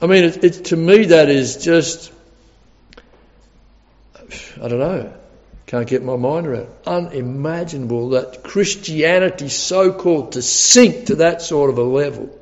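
A man's voice: on the high side, measured pace, darkish tone. A man preaching a sermon, earnest and emphatic, often repeating his key words. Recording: dull recording with long hall reverb.

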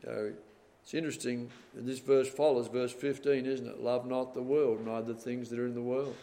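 A man preaches a sermon at a middle pitch. He swings between loud, dramatic passages and soft, hushed ones. His voice rings with a long hall reverb. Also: level tone, fairly quick.

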